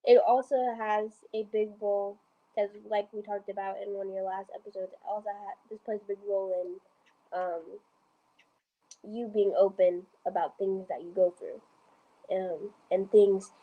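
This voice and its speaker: A woman's voice: medium pitch, little pitch movement, normal speed, narrow, tinny audio. A young woman chatting casually as a podcast guest, talking with many ums and restarts. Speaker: guest, host's daughter. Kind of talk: casual chat.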